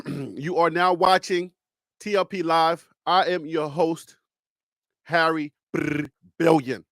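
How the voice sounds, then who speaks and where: Guy hosting a sports talk stream, higher voice, dry close sound, calm preachy rhythm, repeats himself a lot. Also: takes it slowly, long pauses, no echo. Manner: calm, reassuring, preacher-like cadence; repeats and restarts phrases. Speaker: sports show host. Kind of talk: live sports talk show.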